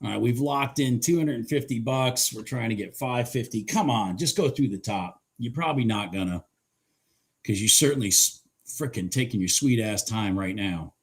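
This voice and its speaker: A man doing live commentary on his day trades, hoarse and clearing his throat, cheering the chart on and swearing casually. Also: medium pitch, moderate pace.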